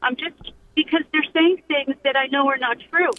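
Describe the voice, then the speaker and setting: A woman's voice: high voice, steady tone, normal speed. A woman calling into a radio show, pained and defending herself as she describes family conflict. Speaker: caller. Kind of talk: call-in advice conversation. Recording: tinny phone line.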